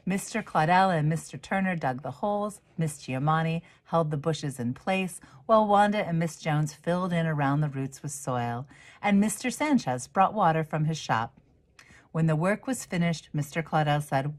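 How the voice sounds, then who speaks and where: A woman minister reading a children's picture book aloud, gently lifting her voice for the characters' quoted lines. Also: sits low, moderate pace.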